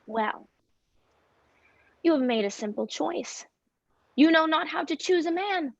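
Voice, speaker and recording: A woman's voice: sits high, expressive, measured pace, gravelly, no echo, muffled recording, full character voice. A woman reading the part of a weary, teasing old nurse in a table read of a play, complaining with groans and whispered asides.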